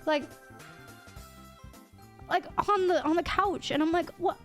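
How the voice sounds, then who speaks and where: A young woman streamer with a very high, light voice tells a story in a loose, chatty way. She is animated and laughs often, and she swears casually as she goes. Faint music plays underneath. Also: slow. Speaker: VTuber streamer.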